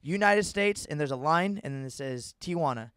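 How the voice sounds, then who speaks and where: A man's voice: fairly high pitch, expressive, normal speed, fairly bright tone, no echo. A young man telling a rambling, profane story in casual podcast chat.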